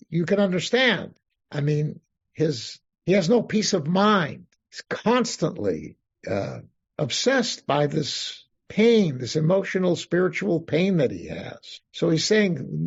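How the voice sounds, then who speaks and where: A man, a rabbi, teaching an interactive Psalms class, reading Hebrew verses slowly and then explaining them while thinking aloud. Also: on the high side, creaky, slightly rough. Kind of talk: interactive text study class. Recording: dull lo-fi class recording.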